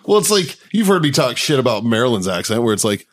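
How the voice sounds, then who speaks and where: A man's voice: medium pitch, sing-song, fast talker. A man co-hosting a podcast in casual, joking, profane chat, laughing often. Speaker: podcast co-host.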